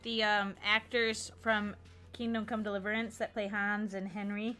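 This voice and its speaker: A woman's voice: mid-range voice, flat delivery, moderate pace, pushed and bright, faint music behind. A woman streamer chatting casually while playing a game, telling stories in a rambling way. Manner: chatty, storytelling, lots of "I was like". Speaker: streamer host. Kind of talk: casual chat while gaming.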